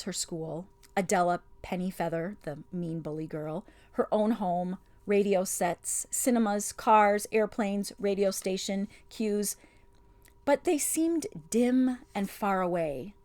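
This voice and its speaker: A woman reading a storybook aloud in a calm, unhurried, gently expressive way. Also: medium pitch. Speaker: audiobook reader. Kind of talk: storybook read-aloud narration.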